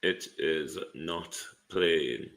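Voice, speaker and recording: A Jamaican man hosts a live online show, fussing aloud at his computer as he speaks to viewers. His voice sits very low with a gravelly fry, yet it carries a bright, forceful edge. He talks at an unhurried pace. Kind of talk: casual live commentary.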